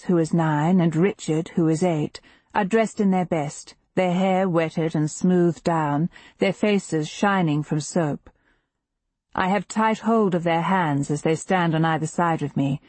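A woman narrating a historical novel in the first person, in a measured, intimate and emotionally expressive reading. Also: fairly low pitch, no room sound. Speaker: audiobook narrator.

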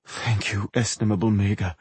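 A man's voice: mid-range voice, normal speed, mellow, husky, no echo, lightly acted. A man voicing a wounded, theatrical male actor who speaks in a florid, gallant way, pained and gasping. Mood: flirtatious.

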